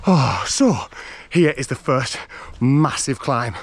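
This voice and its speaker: In a mid-range, animated voice, a man takes his time speaking, with no echo on the sound. He has a North East English accent and hails from North East England, vlogging a trail run through hills and woodland with casual commentary. Out of breath, he's chatty and cheery, laughing often and greeting runners.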